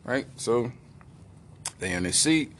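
A man's voice: mid-range voice, slow pace. A man telling a long comic story casually, restarting and correcting himself as he goes. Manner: animated, acts out voices, restarts. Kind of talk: comedic storytelling.

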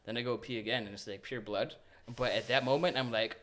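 A young man telling a story casually on a podcast, animated and laughing as he acts out moments. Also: mid-range voice, fast, slight background noise.

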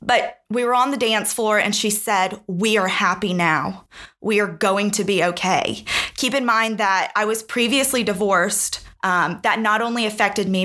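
A woman's voice: mid-range voice, pushed and bright. A woman co-hosting a podcast, telling a personal story in an earnest, heartfelt way.

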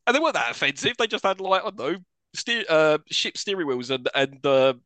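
Brief: male podcast co-host, lively and bright, dry close mic, giggly scene-by-scene recaps. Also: fairly high pitch, no room sound. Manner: animated recapping, quick to laugh, acts out scenes. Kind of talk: casual film-review chat.

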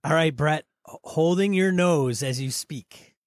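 A man's voice: fairly high pitch, a little slow, no echo, studio quality. A man co-hosting a casual podcast, talking his partner through voice exercises. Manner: coaching, prompts his partner by name. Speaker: podcast co-host.

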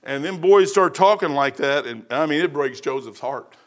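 A man's voice: fairly high pitch, lively intonation, normal speed. A man preaching a sermon as pastor. He talks in a folksy, conversational way, repeats his phrases and often says "man".

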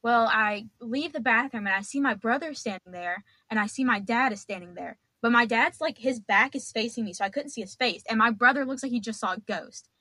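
A woman's voice: a little high, brisk, hardly any pauses, pushed and bright, dry recording. A young woman telling stories as a podcast guest, chatty and dramatic, laughing as she goes. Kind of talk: casual storytelling.

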